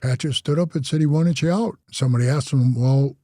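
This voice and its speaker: The speaker, an older man and former biker club president, briskly tells his life story in casual conversation, animatedly acting out the others involved and frequently saying "bro." His mid-range voice comes through dry with clean studio sound.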